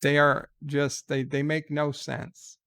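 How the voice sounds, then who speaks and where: Slow, gravelly sarcastic man. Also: on the high side, monotone, a bit bright. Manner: sarcastic, exasperated griping. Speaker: trailer reviewer. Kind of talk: casual reaction commentary.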